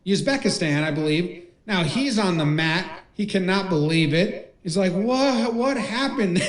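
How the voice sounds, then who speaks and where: Man, high voice, joking play-by-play, dubs silly lines, echoey room. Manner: jokey, dubs voices for people on screen. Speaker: video commentator. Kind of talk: comic play-by-play commentary with put-on voices.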